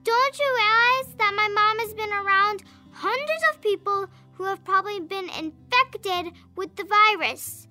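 A high, bright-toned young girl's voice, acted by a woman, earnest and anxious as she reads her letters slowly. Soft music sits faintly beneath her in this audio drama. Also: heavily acted. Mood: upset. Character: young girl, worried, earnest best friend. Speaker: letter-writing child character.

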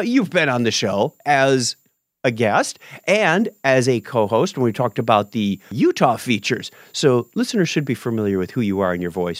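A man hosting a developer podcast, upbeat and animated, moving from a scripted opening into relaxed chat with guests. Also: medium pitch, no room sound, clean studio sound. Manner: upbeat, animated, self-correcting. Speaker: podcast host.

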